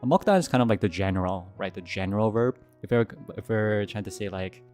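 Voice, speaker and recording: With soft music in the background, a young man speaks fast in a casual livestream Q&A. He answers questions and tells animated stories, breaking into high yelps when recalling moments of fear.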